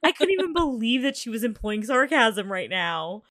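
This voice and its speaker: A woman's voice: on the high side, big pitch swings, moderate pace, fairly bright tone, no room sound, studio quality. A woman chatting casually as she recaps a series episode, laughing often and swearing. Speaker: show recap co-host. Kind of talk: casual chat.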